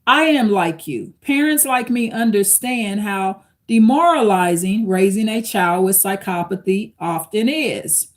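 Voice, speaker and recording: A woman's voice: medium pitch, expressive, measured pace, few pauses. Woman, live-stream host, reads quotes aloud, talks to viewers as y'all. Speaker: channel host reacting to an article. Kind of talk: live-stream commentary reading an article.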